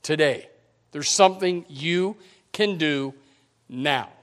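A man preaching a sermon in a church, emphatic, swinging between loud and quiet. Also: on the high side, slow, slight background noise. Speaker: pastor. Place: church sanctuary.

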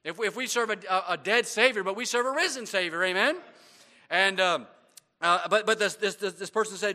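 Bright high-voiced preaching man. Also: a little fast. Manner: preaching with repeated amens and many restarts. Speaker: pastor. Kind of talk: sermon.

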